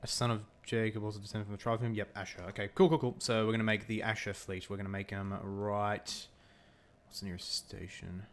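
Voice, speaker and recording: A man's voice: fairly low pitch, flat delivery, fairly quick. A young Australian man chatting casually while streaming a strategy game, laughing often and answering his chat. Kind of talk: casual gameplay commentary with chat.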